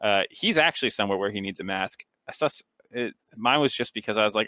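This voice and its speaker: A man co-hosting a podcast, chatting in an easygoing, self-deprecating way with halting restarts. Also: on the low side, pushed and bright, dry recording. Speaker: podcast co-host. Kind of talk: casual chat.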